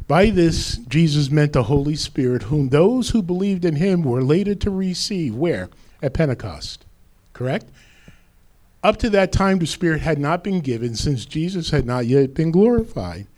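A man's voice: fairly high pitch, expressive, normal speed, darkish tone. A man preaching a sermon as pastor, quoting scripture with rising emphasis.

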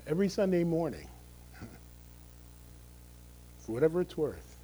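A man's voice: a little high, big pitch swings, measured pace, mellow, breathy edge, poor audio. A male pastor giving a conversational, emphatic sermon, often checking in with the congregation through tag questions.

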